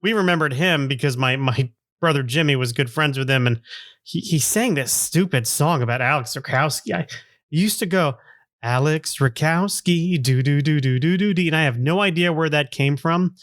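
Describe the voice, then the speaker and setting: A man's voice: a little high, fairly bright tone, no echo, clean studio sound. A middle-aged man hosting a podcast, telling a story from his childhood in a chatty way with frequent chuckles and fillers. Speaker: podcast host. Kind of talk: casual storytelling monologue.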